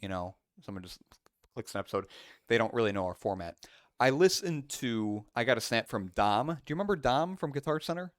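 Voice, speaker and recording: A man's voice: mid-range voice, lively intonation, brisk, no room sound, studio quality. A man co-hosting a casual podcast, rambling through his thoughts with lots of fillers and restarts. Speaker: podcast co-host.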